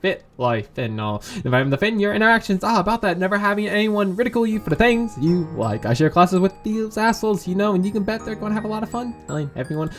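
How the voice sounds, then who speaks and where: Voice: medium pitch, big pitch swings, fast, hardly any pauses, soft background music, close to an everyday voice. A gamer reading a fiery, sarcastic teenage schoolgirl from a visual novel aloud, with bitter, snapping sarcasm. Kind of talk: reading game dialogue aloud.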